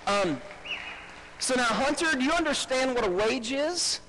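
A man with a strikingly high voice preaches a live sermon in a church. He repeats his key phrases for emphasis and draws answers from the congregation. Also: expressive, measured pace, sharp tone, rough recording. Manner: calls out to the congregation and asks for responses. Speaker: pastor. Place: church service before a congregation.

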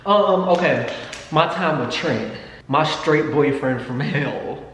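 Chatty profane man, slightly high voice, echoey room with long reverb, faint hiss. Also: lively intonation, slow pace, fairly bright tone. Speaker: vlogger. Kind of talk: casual storytime vlog.

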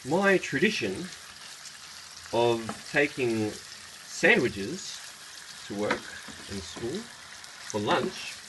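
Speaking extremely slowly with frequent pauses, a young Australian man rambles in a sing-song, medium-pitched voice while cooking in a small kitchen for a casual vlog. He uses lots of fillers and slang, and the background is noisy.

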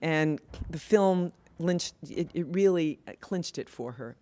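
With a deep, dark voice, an older woman takes her time speaking at an award event. As a women's health advocate, she is earnest and passionate, though her speech is marked by frequent fillers and restarts.

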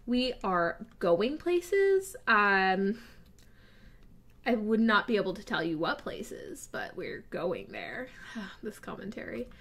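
A woman's voice: medium pitch, expressive, slow, vocal fry, sharp tone, slightly rough. A young woman giving casual, self-deprecating commentary while building in a game, nervous and giggly. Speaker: gaming YouTuber. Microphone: desk mic with face cam.

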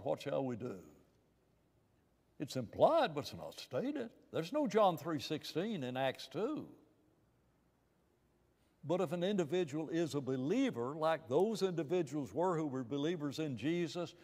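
A man's voice: on the high side, a little mellow, in a large hall. A man preaching in a church Bible class, emphatic, asking rhetorical questions and often restarting his phrases. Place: church room.

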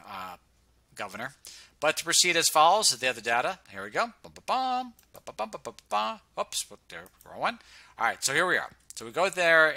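A man's voice: medium pitch, bright, forceful tone, dry recording. A man casually talking through charts on screen, sarcastic and humming filler sounds while he scrolls. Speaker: presenter reviewing health data on screen. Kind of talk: casual screen-share commentary.

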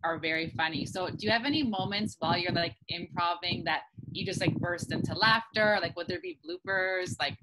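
A woman's voice: fairly low pitch, brisk, few pauses. A woman interviewing a voice actor in a chatty way with many fillers, over a noisy line. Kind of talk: casual interview. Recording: background noise on the line.

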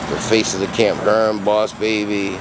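A man filming a casual vlog at his dog kennel, talking excitedly and in slang straight to his viewers. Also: fairly low pitch, normal speed. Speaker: dog breeder and kennel owner. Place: outdoors at a kennel yard. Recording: loud outdoor noise with traffic.

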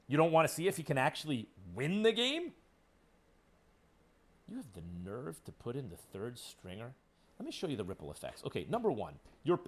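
A man hosting sports talk radio, ranting with sarcasm and heat. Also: medium pitch. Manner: emphatic, sarcastic, heated.

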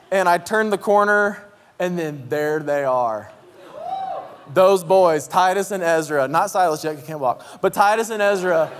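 A man in his thirties preaching in a church, telling a story with deep emotion and shouting out his kids' voices. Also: a little hiss or hum. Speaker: pastor. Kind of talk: sermon. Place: church sanctuary. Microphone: handheld mic. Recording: long hall reverb in a church.

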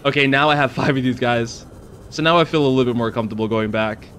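A man's voice: mid-range voice, fast, slight background noise. Casual gamer guy narrating his play. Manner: excitable, swears and yells when scared. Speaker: gaming channel host. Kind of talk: casual let's-play commentary.

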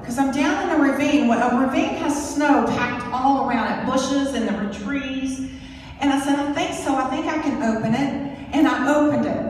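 A woman speaking on a convention stage, giving a motivational talk and telling a story with dramatic pauses, through a hall microphone. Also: sits high, a little hiss or hum. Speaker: conference speaker. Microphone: handheld stage microphone through PA. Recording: echoey arena from far off.

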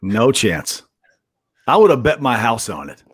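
A man's voice: medium pitch, sing-song, unhurried, breathy edge, dry recording, studio quality. A man telling stories as an interview guest in a rambling, profane way, acting out what people said to him. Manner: profane, rambling, acts out quoted dialogue. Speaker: guest wrestler. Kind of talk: casual storytelling interview.

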